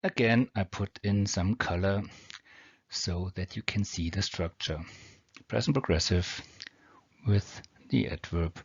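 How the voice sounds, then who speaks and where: A teacher with a low, creaky, husky voice and a German accent explains English grammar rules, speaking slowly and deliberately and reading each example sentence with care. The recording is dry and dull, as though made at home on a built-in or cheap mic.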